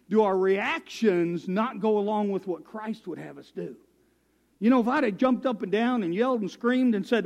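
A man's voice: sits high, fairly quick, darkish tone, in a large hall. A man preaching as a guest speaker, folksy and self-deprecating, telling stories. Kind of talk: sermon. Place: church.

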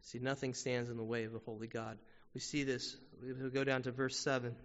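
A man's voice: medium pitch, flat delivery, brisk. A man preaching a sermon as pastor, talking to the congregation in a conversational way with frequent rhetorical questions. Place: church sanctuary. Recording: muffled sound with long hall reverb.

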